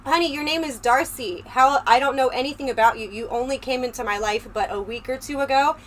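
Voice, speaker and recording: A woman livestreamer with a slightly high voice talks straight to her chat in a loose, rambling way. She is close on a desk microphone at home, with a low fan humming faintly behind her. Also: fairly quick. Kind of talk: casual livestream chat with viewers. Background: low fan hum.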